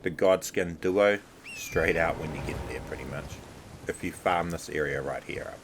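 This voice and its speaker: A man casually narrating a game walkthrough over gameplay in a relaxed, chatty way. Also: rumbling low, normal speed, noisy background. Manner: relaxed, chatty, repeats filler words like "obviously".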